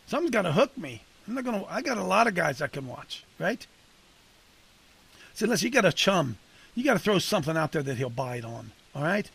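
Gravelly-voiced man coaching a men's group. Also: fairly high pitch, sing-song, fairly quick, fairly bright tone. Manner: conversational, punchy, addresses listeners by name. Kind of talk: casual preaching to a group.

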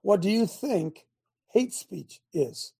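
A male talk show host who preaches more than he chats, putting rhetorical questions to his listeners and mocking what he opposes. His voice is husky and breathy, and his pitch leaps up and down as he drives each point home. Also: slow. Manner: animated, sermonizing, mocking, asks the audience questions.

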